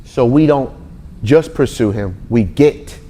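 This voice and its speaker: A man in his forties teaches a sermon-style Bible lesson with a loose, conversational energy. He talks straight to the people in front of him and slips into the voices of the people in his stories. His pitch sits right in the middle for a man. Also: takes it slowly, slightly rough. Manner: animated, talks straight to the audience, acts out quotes.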